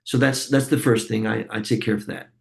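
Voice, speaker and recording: Gravelly-voiced man teaching a training group. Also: on the low side, steady tone, brisk. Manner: reflective, repeats words as he thinks aloud. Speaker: facilitator and course trainer.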